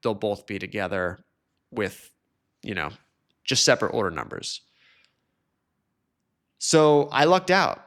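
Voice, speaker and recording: Lively, chatty male podcaster. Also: measured pace, long pauses. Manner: chatty, animated, mimics complainers in high mocking voices. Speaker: podcast host. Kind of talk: casual solo podcast monologue.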